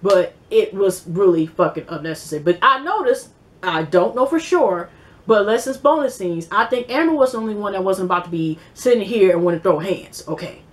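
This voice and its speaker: A woman's voice: mid-range voice, expressive, brisk. A woman reviewing a reality show in a casual vlog, rambling bluntly with profanity and many fillers.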